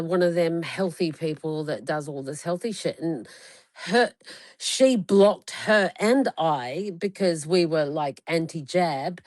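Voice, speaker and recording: A woman in her forties hosts a loose chat, telling stories with heavy swearing and plenty of emphasis. Her voice sits a little low for a woman. The sound is dry, with almost no room around it. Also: no echo. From Australia. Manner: heavily profane, emphatic storytelling. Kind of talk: casual chat.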